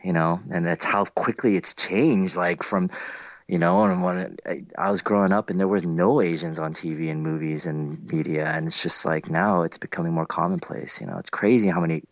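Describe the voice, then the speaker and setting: A man chatting casually, telling animated stories and acting out other people's lines. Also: moderate pace, no echo, lo-fi sound. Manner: animated storyteller, acts out quotes with big pitch jumps. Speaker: event organizer. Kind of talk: casual chat, storytelling.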